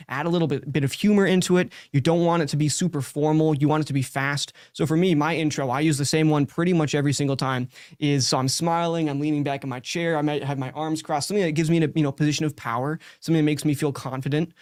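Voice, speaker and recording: A man with a fairly high voice coaches a caller live, direct and chatty, dropping lots of "like"s and restarting his sentences. The sound is dry and close, with no room in it. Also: a little mellow, dry recording. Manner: direct and talkative, many likes and restarts. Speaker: sales coach and show host.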